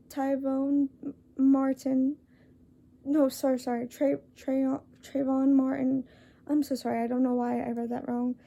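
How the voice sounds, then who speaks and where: Young woman, earnest vlog talk; high, mellow, gravelly tone, halting and apologetic. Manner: apologetic, halting, many fillers and restarts; reads a list aloud. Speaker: vlogger. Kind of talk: earnest casual talk to camera.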